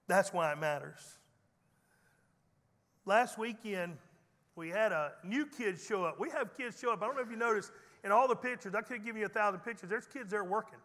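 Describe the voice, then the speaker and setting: Preacher man, real high bright voice, folksy and jokey, echoey hall. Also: moderate pace. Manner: folksy storytelling preacher with teasing humor. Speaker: pastor. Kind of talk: sermon. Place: church sanctuary.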